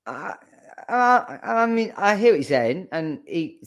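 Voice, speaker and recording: A man's voice: sits high, very animated, slow pace, a bit bright. A man co-hosting a casual sports podcast, forthright and sweary, arguing his point. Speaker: podcast co-host.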